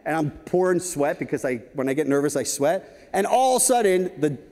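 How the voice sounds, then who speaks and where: Man in his fifties, high voice, lively storytelling keynote, reverberant hall. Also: brisk. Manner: lively anecdotal, frequent "right?" asides. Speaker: keynote speaker. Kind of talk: storytelling conference talk. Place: large conference hall stage.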